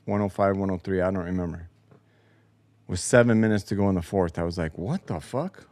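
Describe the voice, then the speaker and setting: A man's voice: low-pitched, steady tone, fast talker, darkish tone, no room sound. A man hosting a casual solo show, telling a profane, exasperated story about a broken game recording. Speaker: podcast host. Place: home basement.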